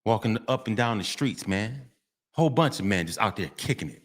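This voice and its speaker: A man's voice: on the low side, animated, a little fast. A middle-aged man, delivering a street monologue vlog, preachy and repetitive, often breaking into sing-song refrains. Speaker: vlogger.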